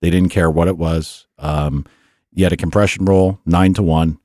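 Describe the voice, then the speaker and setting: A man telling a racing story in a casual podcast chat, animated and laughing often, acting out what people said. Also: low-pitched, normal speed, no echo, studio quality. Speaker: podcast co-host.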